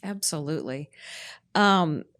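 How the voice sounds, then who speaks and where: A woman's voice: low-pitched, unhurried, fairly bright tone. A woman hosting a pharmacy podcast, chatting casually and laughing easily with her guest. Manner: laughs easily, asks friendly questions. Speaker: podcast host. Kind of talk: casual interview chat.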